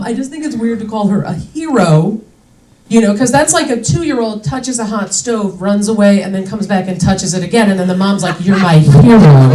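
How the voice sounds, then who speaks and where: A woman's voice: a little high, echoey room, distant mic, background noise. A young adult woman doing a stand-up comedy set on a club stage, chatty and indignant, with lots of "like" fillers.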